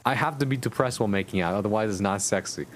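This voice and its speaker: A man's voice: on the low side, rapid-fire, a little hiss or hum. A man streaming live, reading fanfiction aloud and breaking off to chat to his viewers, amused and often profane.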